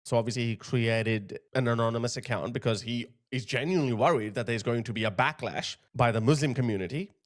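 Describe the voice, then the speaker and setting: A man's voice: mid-range voice, a little fast, hardly any pauses. A male commentator giving emphatic, indignant opinion commentary on a video he plays. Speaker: political commentator.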